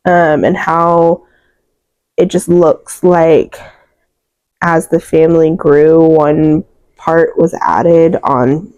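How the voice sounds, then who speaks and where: A woman's voice: sits low, steady tone, very slow, darkish tone, clear, resonant tone, dry recording, dull audio. A young woman chatting about books she read, emotional and rambling, full of fillers, close to tears. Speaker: book reviewer. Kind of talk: casual book wrap-up chat.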